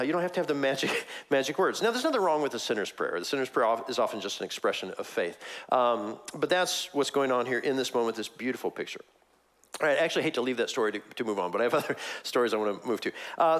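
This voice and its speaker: Guy preaching a sermon, super lively up and down voice, acts out the bible characters, chatty. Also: mid-range voice, rough recording. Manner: conversational and animated, acting out quoted voices. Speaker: pastor.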